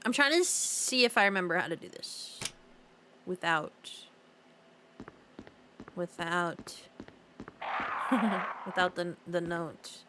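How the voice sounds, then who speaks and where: Speaking on the low side, she takes her time and pauses often, with noise in the background. A young woman streaming gameplay, she banters casually with viewers, giggling frequently and drifting away from the topic as she reads comments out.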